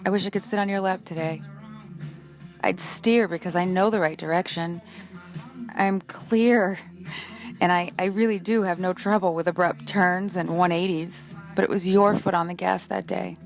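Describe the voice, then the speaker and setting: A woman with a slightly low voice recites spoken-word poetry in an intimate, reflective way. Her delivery is heartfelt and personal, with soft music faintly underneath. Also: fairly even intonation, moderate pace.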